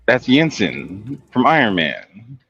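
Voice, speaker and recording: Male guest in a casual film chat, lively intonation, dull low-fidelity audio. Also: takes it slowly. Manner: expressive, quotes favorite movie lines. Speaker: podcast guest. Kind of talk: casual movie review chat.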